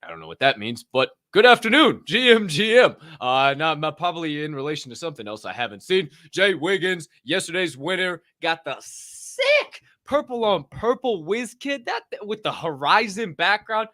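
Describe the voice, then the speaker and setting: Hyped up guy hosting a stream, kinda high voice, loud shout-outs and swearing. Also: moderate pace, few pauses, no room sound, studio quality. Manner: excitable, profane, shouting out chat names. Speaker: livestream show host. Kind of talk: casual livestream chat.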